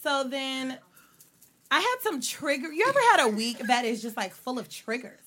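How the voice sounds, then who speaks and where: A young adult woman co-hosting a podcast, telling personal stories in an animated, laughing way with free swearing. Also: high-pitched, moderate pace. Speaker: podcast co-host. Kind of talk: casual storytelling chat.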